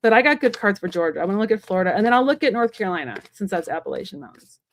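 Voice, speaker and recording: A woman giving a live-stream tarot reading from home, talking fast and rambling in a chatty way with many fillers. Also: medium pitch, lively intonation. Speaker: psychic medium and tarot reader.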